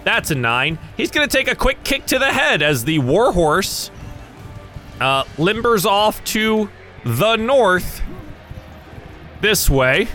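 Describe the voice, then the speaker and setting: A man from the American South narrating a tabletop game as game master, animated and chuckling between dice rolls. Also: high-pitched, takes it slowly, pauses often, faint music behind.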